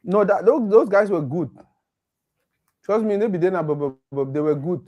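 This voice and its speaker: A man's voice: high-pitched, normal speed, muffled recording. A man with a Nigerian accent chatting animatedly about football, slipping into Pidgin. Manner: animated, mixes Pidgin with English. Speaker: co-host. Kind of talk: casual football chat.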